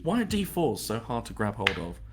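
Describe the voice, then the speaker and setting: Casual man running a tabletop game. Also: fairly low pitch. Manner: relaxed, halting, many fillers and restarts. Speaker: game master. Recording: faint background noise.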